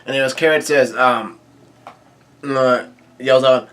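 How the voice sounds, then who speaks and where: A man casually reading a comic chapter aloud, quoting lines and adding his own quick asides. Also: mid-range voice, fairly even intonation, a bit bright, clear, resonant tone. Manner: reads quoted lines aloud with brief reactions and asides, many fillers. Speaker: manga reading commentator.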